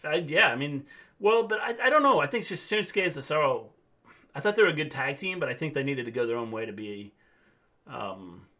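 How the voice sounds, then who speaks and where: A man's voice: a little high, expressive, brisk, pushed and bright. An older man co-hosting a live wrestling watchalong. He chats casually, muses aloud and chuckles to himself. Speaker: co-host, veteran teacher.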